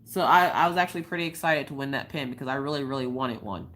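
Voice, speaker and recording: A chatty young woman hosting a casual craft live stream, her voice sitting low for a woman. She giggles a lot and bounces into quoted voices while she tells her stories. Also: quick pace, fairly bright tone. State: recovering from a cold. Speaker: livestream host.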